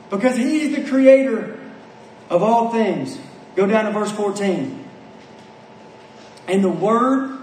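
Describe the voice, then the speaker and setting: A man's voice: very high-pitched, roomy sound, far from the mic, a little hiss or hum, poor audio. A man preaching a sermon with passion, asking rhetorical questions and repeating phrases for emphasis.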